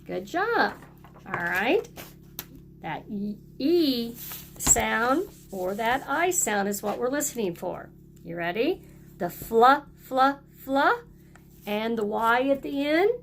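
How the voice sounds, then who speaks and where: A woman teacher gives a phonics lesson to young children, slow and patient, stretching each letter sound. Her voice sits a little high with a gravelly edge. Faint noise hums under the recording. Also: very animated.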